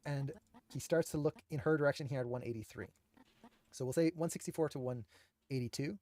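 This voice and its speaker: A man's voice: mid-range voice, fairly quick, darkish tone. Enthusiastic man breaking down animation. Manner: enthusiastic and emphatic, admiring. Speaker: animation teacher. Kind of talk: analytical commentary on animation.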